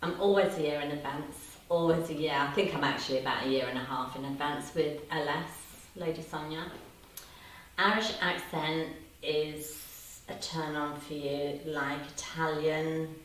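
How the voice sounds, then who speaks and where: A woman's voice: low voice, steady tone, moderate pace, fairly bright tone. A woman in her fifties chatting casually on a livestream, reading out and answering viewer comments, laughing often. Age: 50s. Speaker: livestream host. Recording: echoey room, distant from mic, faint hiss.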